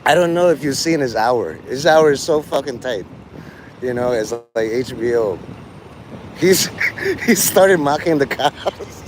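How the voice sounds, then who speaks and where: A man's voice: medium pitch, lively intonation, measured pace, background noise. A man streaming live, rambling through jokes and stories, laughing often and swearing freely.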